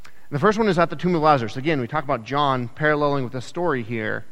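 A man preaching a sermon in a conversational, animated way, acting out the people in the story with quick asides. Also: mid-range voice. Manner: animated, acts out quoted voices, conversational asides. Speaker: pastor. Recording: echoey hall with long reverb.

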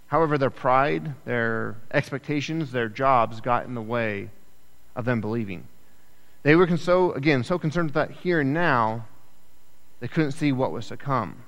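A man delivers a sermon in a lively, chatty manner and briefly voices the people in his story. His voice sits at a middle pitch. The sound carries a long reverb, as in a large church hall. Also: moderate pace. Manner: animated, acts out quoted voices, conversational asides. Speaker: pastor.

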